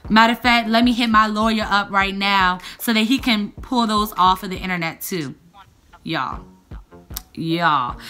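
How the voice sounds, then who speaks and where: Young woman vlogger, bright and sharp, chatty storyteller, faint music behind. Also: on the high side. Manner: animated, addresses viewers as y'all. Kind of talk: storytime vlog.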